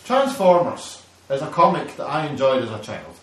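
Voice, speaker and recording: A man's voice: medium pitch, very animated, normal speed, fairly bright tone. Sweary man ranting. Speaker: podcast host. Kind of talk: casual ranting chat. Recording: echoey room, distant mic.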